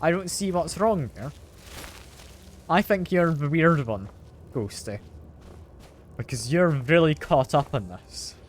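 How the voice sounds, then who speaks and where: A man's voice: a little high, slow pace, long pauses, a little hiss or hum. A man streaming a game, chatting casually with his chat and playfully defending how he says a word. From Britain.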